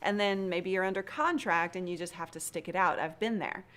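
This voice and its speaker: A woman's voice: on the low side, fairly quick, a bit bright. A woman hosting a live stream in a casual chat, earnest and encouraging, laughing often.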